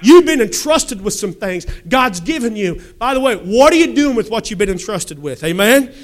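A male preacher with a high voice delivers an emphatic sermon. He reads scripture aloud and presses his listeners with direct questions and calls for amen. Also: very animated, moderate pace. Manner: emphatic, asks the congregation questions and calls for amens.

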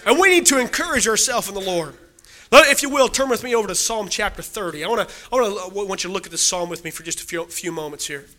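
A man preaching a sermon, talking to the congregation and swinging between loud exhortation and quiet scripture reading. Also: high-pitched.

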